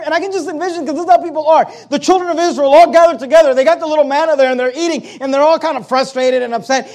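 A male pastor delivering a sermon in a high-pitched voice. He swings between loud, emphatic scripture reading and quieter asides, sometimes mimicking grumbling people. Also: quick pace. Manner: animated preaching, quoting King James scripture, acting out complaining voices.

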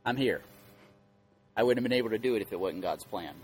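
A man's voice: on the low side, expressive, quick pace, darkish tone, slight background noise. A man preaching as a pastor, teaching scripture emphatically, repeating key words and quizzing his listeners. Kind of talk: interactive Bible teaching.

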